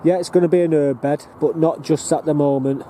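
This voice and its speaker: A man's voice: fairly high pitch, steady tone, fairly quick, warm tone. A northern English man giving a rambling, plain-spoken walking tour of his allotment plot, talking to the camera he carries. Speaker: allotment gardener and vlogger. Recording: faint outdoor background noise.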